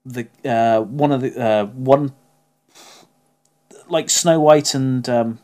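A man's voice: mid-range voice, slow pace, a little mellow. A man co-hosting a podcast, chatting casually and hesitantly with many fillers. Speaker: podcast co-host. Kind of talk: casual chat.

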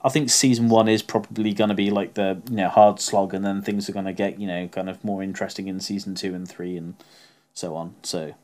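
A man's voice: sits low, steady tone, fairly quick, darkish tone. A man co-hosting a podcast, chatting casually and hesitantly with many fillers. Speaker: podcast co-host. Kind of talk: casual chat.

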